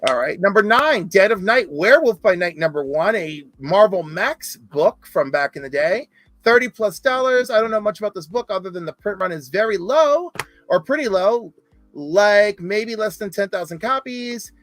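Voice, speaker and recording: A man's voice: high voice, lively intonation, normal speed, fairly bright tone. A man hosting a casual comic book podcast, chatty, rattling off lists of titles. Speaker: podcast host.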